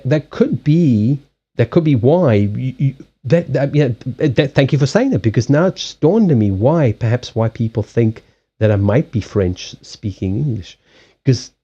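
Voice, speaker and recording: A man with a Southern African accent chatting on his livestream, his pitch swinging up and down as he gets animated. His voice is mellow and warm, he swears freely and laughs often. The mic sounds a bit dull and lo-fi. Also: breathy edge. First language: Portuguese. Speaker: card reader and livestream host. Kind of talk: casual livestream chat. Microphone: USB headset mic.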